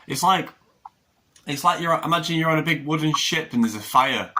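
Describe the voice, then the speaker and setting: A man's voice: on the high side, moderate pace, bright, forceful tone, poor audio. A man hosting a podcast, talking animatedly and spinning out long analogies. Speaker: podcast host. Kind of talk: casual conversation.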